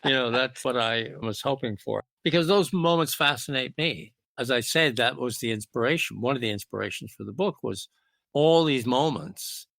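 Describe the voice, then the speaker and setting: A man's voice: mid-range voice, creaky, fairly bright tone, dry recording. A man, a music producer and author, answering interview questions in a reflective, storytelling way. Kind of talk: interview conversation.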